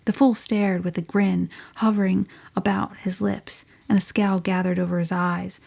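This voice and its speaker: A woman voicing a spirited, headstrong teenage girl telling her story in an audiobook, often sinking to a breathy near-whisper. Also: on the low side, warm tone. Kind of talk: audiobook reading.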